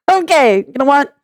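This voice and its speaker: Sarcastic, laughing high-voiced young woman. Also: darkish tone, dry recording. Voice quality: high put-on sounding voice. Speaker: vlogger. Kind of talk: venting commentary.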